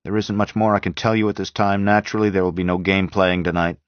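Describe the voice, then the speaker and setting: Male narrator plays a clipped, businesslike leader in an audiobook, low voice; dull, dry recording. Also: fairly even intonation, fast, clear, resonant tone, dry recording, natural voice. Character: brisk take-charge man leading a group.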